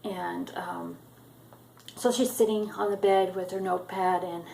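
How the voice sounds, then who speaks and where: A woman's voice: lowish voice, fairly even intonation, unhurried, gravelly, warm tone, slight background noise, low-quality recording. A woman casually retelling a book chapter for her viewers, hesitant and full of ums and uhs. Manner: hesitant, many ums and uhs, loosely strung sentences. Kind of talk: casual spoken book recap.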